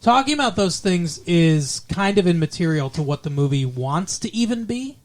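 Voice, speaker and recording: On a casual movie review podcast, a male co-host with a high, animated voice talks at normal speed. He rambles and jokes, often slipping into mock impressions.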